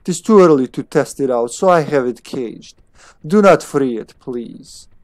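A man's voice: mid-range voice, sing-song, takes it slowly, vocal fry, mellow, no room sound, clean studio sound, exaggerated voice. A man putting on a curt lady scientist. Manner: stiff, clipped, mock foreign accent. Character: brusque female scientist, busy and curt. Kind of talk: reading game dialogue in voices.

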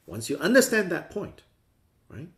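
A man's voice: a little high, huge pitch swings, moderate pace, fairly bright tone. A man teaching a Buddhist class in a conversational way, often acting out the views he discusses with playful voices. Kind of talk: dharma class lecture.

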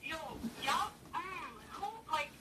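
A woman's voice: high voice, slow pace, bright, forceful tone. A woman on a phone call arguing bluntly and swearing constantly. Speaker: prank call target. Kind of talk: heated phone argument. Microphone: phone on speaker. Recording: distant phone voice with faint noise.

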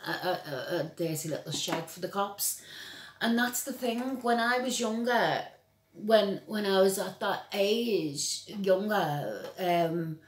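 A woman's voice: medium pitch, slow pace. A middle-aged woman from England, ranting bluntly and with lots of swearing, often stumbling over and repeating her words. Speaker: vlogger. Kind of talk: angry personal rant. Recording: echoey room.

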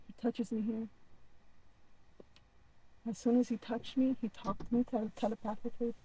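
Dark-voiced woman telling a dramatic story. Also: fairly high pitch, moderate pace, slight background noise, poor audio. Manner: dramatic, animated, repeats herself. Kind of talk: casual storytelling to camera.

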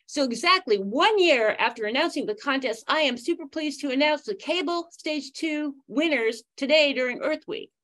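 Higher-voiced woman announcing prize winners. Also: expressive, normal speed, hardly any pauses, a bit bright. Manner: upbeat, reading prepared remarks with light laughs. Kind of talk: scripted webinar announcement.

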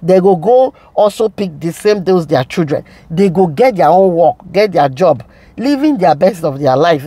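A woman's voice: lowish voice, a little mellow, dry recording. A woman with a Nigerian accent ranting to her viewers in a casual vlog, preachy and scolding. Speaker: vlogger. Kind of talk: casual commentary rant to viewers.

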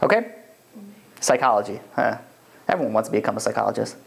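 Male rabbi teaching a class, rapid and chatty, lots of "you know"s. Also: lowish voice, expressive, creaky. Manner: conversational, full of fillers, checks in with the class. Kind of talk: casual classroom lecture.

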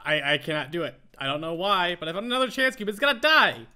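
A man hosting a casual Minecraft let's play, chatting excitedly as he plays and talking to the animals he finds. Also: high voice, fast talker. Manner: excitable, talks to in-game animals. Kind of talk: casual gameplay commentary.

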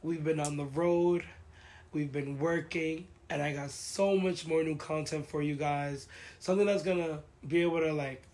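A woman's voice: low-pitched, steady tone, moderate pace, a little mellow. Woman host ranting, all emotional, keeps repeating herself for emphasis. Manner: emotional, venting, repeats phrases. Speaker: podcast host. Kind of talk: casual reaction chat.

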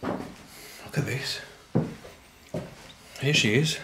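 Brief: breathless male ghost-hunting vlogger, excitable, faint noise behind. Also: extremely slow. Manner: excitable, swears when startled. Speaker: paranormal investigator host. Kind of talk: casual vlog narration. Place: old building, indoors.

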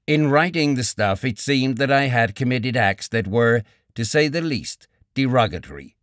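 A man's voice: medium pitch, expressive, a bit bright, no room sound, studio quality, natural voice. A man reading a bitter, coolly reasoning young writer. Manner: measured, cool, argumentative. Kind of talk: audiobook character reading.

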